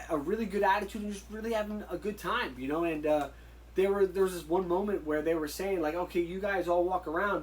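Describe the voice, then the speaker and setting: A man, a guest in an interview, telling stories in a casual, animated way and acting out the dialogue he quotes. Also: high-pitched, slight background noise, low-quality recording. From United States. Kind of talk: casual storytelling.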